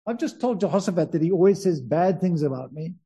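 A man's voice: sits high, expressive, fast, dark tone, breathy edge, full character voice. A man voicing a proud, scheming male king who speaks with sarcasm. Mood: sneering.

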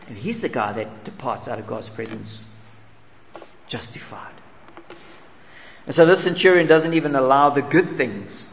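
Preaching man in an echoing hall. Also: a little high. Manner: earnest preaching, rhetorical questions, voicing humble pleas softly. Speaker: pastor. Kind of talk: sermon. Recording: long reverb in a large hall, faint ambience.

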